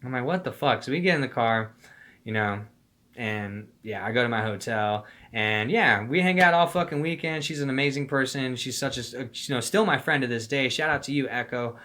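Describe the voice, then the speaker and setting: A man's voice: mid-range voice, normal speed, pushed and bright. A young man telling a story in casual slang, rambling and profane, acting out the voices of the people he quotes. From Phoenix, Arizona. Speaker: storyteller vlogger.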